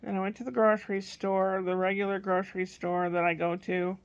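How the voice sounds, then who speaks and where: A woman's voice: medium pitch, level tone, fairly quick. An older woman telling a rambling everyday story about her grandson in a casual vlog. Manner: chatty, rambling, quotes a small child in a raised voice. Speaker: grandmother vlogger.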